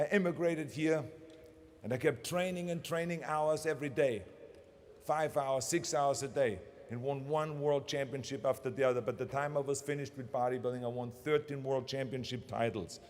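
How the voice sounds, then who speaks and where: A man's voice: medium pitch, a little mellow, in a large hall. A man in his sixties with a German accent, giving a motivational commencement speech, emphatic and driving his points home by repeating phrases. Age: 60s. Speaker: commencement speaker. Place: large ceremony venue.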